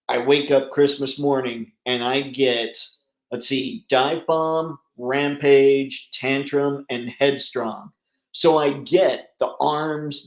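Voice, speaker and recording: Man, live stream host, casual rambling chat, mid-range voice, roomy echo. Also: medium pitch. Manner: chatty, rambling, laughs easily. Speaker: livestream host. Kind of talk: casual live chat reading viewer comments.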